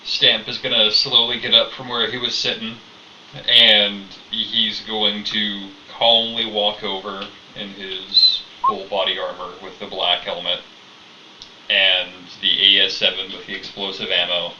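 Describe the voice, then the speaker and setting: Brief: male player, measured tone, bright timbre, lo-fi distant mic. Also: on the low side, sing-song, slight background noise. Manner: measured, stating actions step by step. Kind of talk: tabletop role-play. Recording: roomy, distant, lo-fi.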